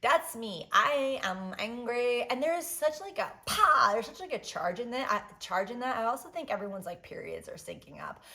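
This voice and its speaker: A woman in her thirties hosting a solo podcast in casual chat, animated and blunt, swinging between loud outbursts and quiet asides, with lots of "like" and "um". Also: on the high side, moderate pace, gravelly, hardly any pauses. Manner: swears freely, fillers like "like" and "um". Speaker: podcast host.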